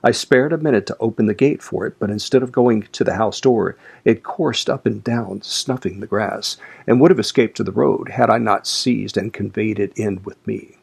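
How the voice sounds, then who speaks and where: Audiobook narrator, male, low husky voice, measured classic-novel reading. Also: a little mellow. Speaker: audiobook reader.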